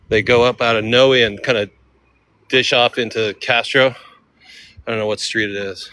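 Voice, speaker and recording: A man's voice: lowish voice, heavy background noise. A man vlogging on a handheld phone while walking steep city streets outdoors, out of breath, with laid-back slangy talk that keeps calling viewers dude. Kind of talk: casual walking livestream chat.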